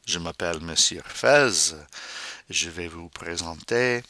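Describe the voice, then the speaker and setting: A man teaching French vocabulary, modeling each word slowly and repeating it, with playful asides. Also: deep voice, sharp tone. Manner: slow, drawn-out model pronunciations with repetition. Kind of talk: vocabulary pronunciation lesson.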